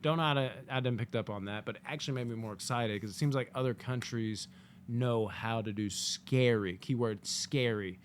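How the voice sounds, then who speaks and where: A man from the United States giving a casual spoken movie review, animated and profane, acting out quotes in jokey asides. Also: medium pitch, moderate pace, a little hiss or hum.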